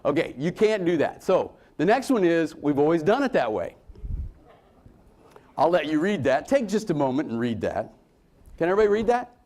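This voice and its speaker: A man speaking to a conference room in a lively, fairly high voice. His pitch leaps around as he drives points home, then drops into quiet asides. He talks like a motivational speaker working the crowd. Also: normal speed, long pauses. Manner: animated, swings between loud emphasis and low asides.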